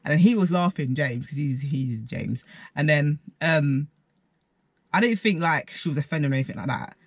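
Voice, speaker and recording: Young bloke, husky, slightly high voice, casual slangy storytime vlogger. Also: male voice, normal speed, dry recording. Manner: slangy, chatty retelling with quoted asides.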